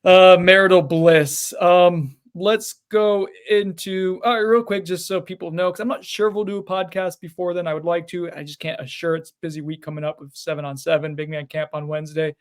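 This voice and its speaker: A man with a fairly high voice hosts a casual sports podcast. He jokes at his own expense and keeps things loose and conversational. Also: steady tone, a little fast, hardly any pauses. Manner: self-deprecating, joking. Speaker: podcast host.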